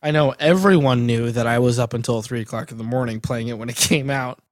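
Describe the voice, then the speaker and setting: A man's voice: mid-range voice, fairly quick, dry recording, clean studio sound. A young man co-hosting a casual gaming podcast, playful and joking. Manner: playful, jokey, trying silly accents. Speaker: podcast co-host. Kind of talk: casual chat.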